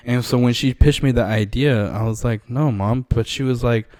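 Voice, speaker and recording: A man's voice: medium pitch, steady tone, moderate pace, a little mellow, no echo. A young man co-hosting a podcast, telling stories in a loose, rambling way with lots of fillers. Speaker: podcast co-host. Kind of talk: casual chat.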